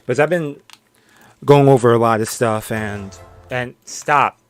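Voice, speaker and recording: A man's voice: medium pitch, a little slow, soft background music. A man streaming live in casual chat, playful, laughing often and tripping over his own words.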